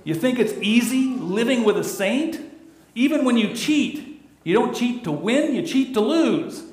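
A man doing an impression of a gruff, griping middle-aged sitcom husband, loud and blustery. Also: very high voice, expressive, unhurried, voice pushed up. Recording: echoey room.

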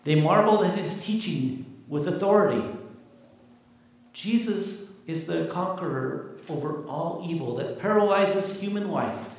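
A man preaches a sermon with emphatic, deliberate phrasing, his delivery unhurried. His fairly high voice rings through a very echoey church, picked up from some distance. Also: animated, darkish tone. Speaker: pastor. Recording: very echoey hall, mic far off.

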